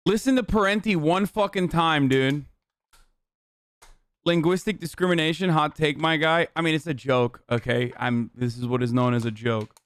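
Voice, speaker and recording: A man's voice: on the high side, fairly even intonation, moderate pace, clear, resonant tone, no room sound, studio quality. A man in his thirties doing casual livestream commentary, blunt and profane in an opinionated rant. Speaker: streamer reacting to videos.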